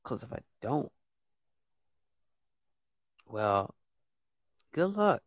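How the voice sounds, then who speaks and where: A podcast host scolds his listeners in a heated, repetitive monologue. His voice sits at an ordinary pitch. The sound is dry and close, with no room echo. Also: normal speed, fairly bright tone. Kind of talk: ranting monologue.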